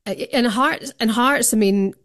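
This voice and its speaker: A woman's voice: a little high, measured pace, a bit bright. A woman guest on a radio phone-in, talking with gushing enthusiasm. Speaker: guest fan. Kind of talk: phone-in chat.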